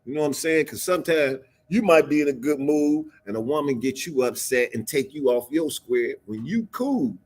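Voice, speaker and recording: A man's voice: fairly high pitch, expressive, normal speed, hardly any pauses. A man in his fifties teaching a casual scripture class, emphatic and slangy, repeating words for effect. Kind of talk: casual scripture breakdown preaching.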